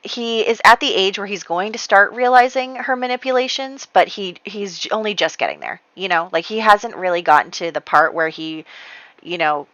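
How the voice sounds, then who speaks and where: A woman's voice: medium pitch, animated, normal speed, a bit bright, no echo, highs cut off. A young woman chattily recapping her life-sim gameplay story, rambling with fillers and restarts. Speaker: let's play host. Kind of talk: casual gameplay recap narration.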